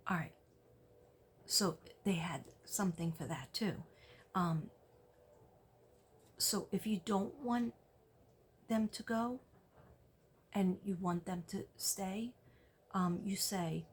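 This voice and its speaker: A woman giving a psychic reading, soft-spoken and gently reassuring, often dropping to a whisper and checking in with "okay?". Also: lowish voice, slow pace, gravelly, pauses often, slight background noise. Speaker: psychic reader.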